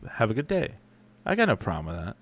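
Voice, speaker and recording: A man's voice: lowish voice, huge pitch swings, fast. A young adult man chatting casually as a podcast host, answering listener questions with rambling, profane, self-correcting stories. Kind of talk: casual chat.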